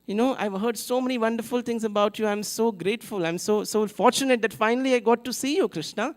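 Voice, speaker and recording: A man doing a high, pleading old fruit-seller woman. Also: quick pace, lightly acted. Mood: overjoyed, pleading. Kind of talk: storytelling in a sermon.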